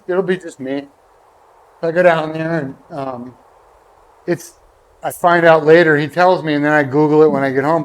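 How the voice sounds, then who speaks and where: A man telling a long, rambling golf anecdote in casual chat, acting out the people he quotes. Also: a little high. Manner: rambling storyteller, acts out quoted voices. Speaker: guest golfer.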